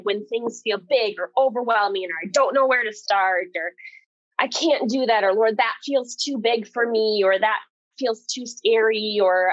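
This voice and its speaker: A woman in her twenties, a podcast guest, telling a personal story in an earnest, animated way and laughing often. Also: medium pitch, no room sound, muffled recording. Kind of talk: casual conversational interview.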